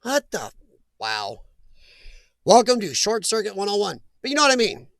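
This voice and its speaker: A man's voice: high-pitched, wildly swooping pitch, moderate pace, gravelly, fairly bright tone, dry recording. A middle-aged man hosting a live chat stream, rambling and joking as he reacts to viewers' comments.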